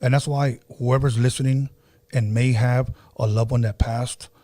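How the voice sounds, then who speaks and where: A man's voice: medium pitch, fairly even intonation, normal speed, warm tone, dry recording. A man hosting a podcast, telling a story in an earnest, casual way and often repeating himself. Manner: earnest, repeats himself, acts out quoted voices. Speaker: podcast host.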